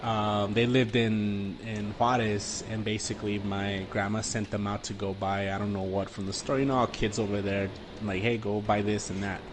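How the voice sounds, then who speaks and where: Young man from the border region, lower voice, easygoing storyteller, audible hiss. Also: moderate pace, hardly any pauses. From US-Mexico border region. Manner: relaxed, swears freely, many fillers. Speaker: podcast guest. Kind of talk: casual storytelling chat.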